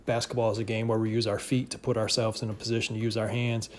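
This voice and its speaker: A young adult man in his home garage, giving steady, casual basketball workout instruction in a voice-over. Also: fairly low pitch, fast, a little hiss or hum. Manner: calm, steady coaching with casual fillers. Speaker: basketball trainer.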